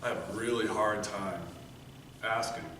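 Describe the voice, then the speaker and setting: A man giving a prepared storytelling speech at a speech contest, earnest, moving between loud emphasis and quiet, hushed passages. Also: on the low side, fairly even intonation, moderate pace. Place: meeting room before an audience. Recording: echoey room, mic from far off, faint noise.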